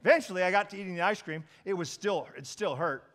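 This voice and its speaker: A man preaching a sermon as pastor, telling stories animatedly and swinging between loud and quiet. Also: high-pitched, fast.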